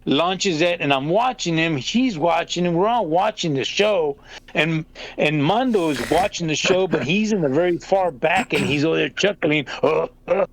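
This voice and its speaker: A man's voice: on the high side, normal speed, gravelly. An older man telling a funny, profanity-laced story in casual podcast chat, laughing as he goes. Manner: animated, swearing, laughing through the story.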